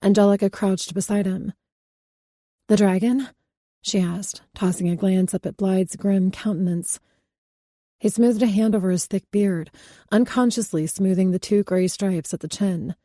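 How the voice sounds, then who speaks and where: A woman narrating a fantasy romance audiobook in a steady, even reading. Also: medium pitch, normal speed, no echo, clean studio sound.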